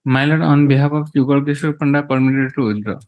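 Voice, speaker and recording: A man's voice: medium pitch, brisk, dull audio. A man with an Indian English accent, a lawyer giving brief, hesitant replies to a judge in court. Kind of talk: courtroom mention.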